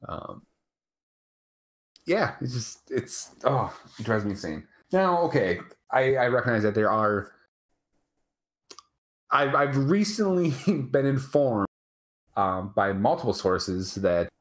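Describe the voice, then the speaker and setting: A man with a Wisconsin accent chatting on a live show, talking slowly and unhurriedly. His pitch swings widely as he explains things. He laughs often and tags his points with "right?". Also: sing-song. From Wisconsin, USA. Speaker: co-host. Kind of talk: casual live chat.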